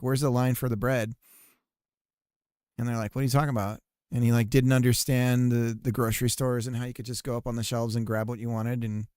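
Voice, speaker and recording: Man, streamer and game dev, casual rambling chat, smooth clear voice, dry close sound. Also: mid-range voice, a little mellow, no room sound. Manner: rambling, jokey storytelling. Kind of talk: casual chat while playtesting.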